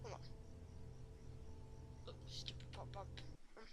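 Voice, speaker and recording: A woman's voice: takes it slowly, very noisy. A woman doing let's play commentary, jumpy and rambling, who keeps apologizing to viewers. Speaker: gamer.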